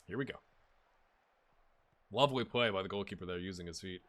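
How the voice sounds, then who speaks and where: Speaking in a low, brisk voice, a middle-aged gaming YouTuber offers casual Let's Play commentary on a football management game. He's lively and talkative, speaking to his audience as well as to his players.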